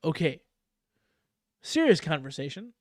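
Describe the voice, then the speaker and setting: Lively profane male podcast host. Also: on the high side, a little slow, dry recording, studio quality. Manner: animated, profane, laughs often. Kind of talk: casual podcast chat.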